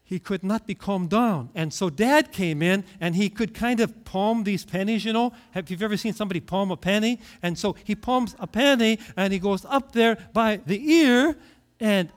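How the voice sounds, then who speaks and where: A middle-aged male pastor preaching a sermon, telling stories with lively acted-out voices. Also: high voice, normal speed. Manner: animated storytelling, acting out voices.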